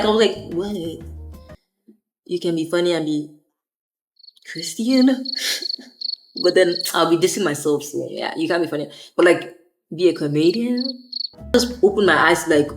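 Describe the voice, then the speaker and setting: Chatty young woman vlogging about faith. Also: fairly low pitch. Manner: chatty, rambling, slangy. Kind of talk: casual faith vlog monologue.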